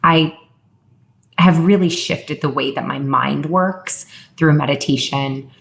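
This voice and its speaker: A woman in her thirties, a guest talking openly and reflectively in an interview, often quoting herself. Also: sits low. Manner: open, reflective, quotes herself in raised voice. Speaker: guest, fitness founder. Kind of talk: candid interview conversation.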